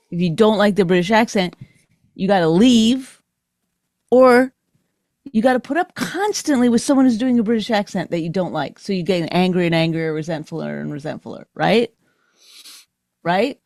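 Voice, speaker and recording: A woman's voice: mid-range voice, moderate pace, a little mellow, no room sound. Teasing Canadian-raised woman, dry close sound. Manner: teasing, argumentative, mimics her husband. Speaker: podcast co-host. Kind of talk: casual banter with spouse.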